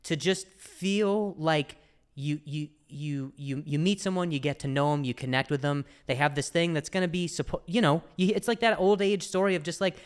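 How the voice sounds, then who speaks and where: A man hosting a casual studio interview, earnest and halting as he asks his guest questions. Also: fairly high pitch, smooth. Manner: earnest, halting, with many restarts. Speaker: podcast host.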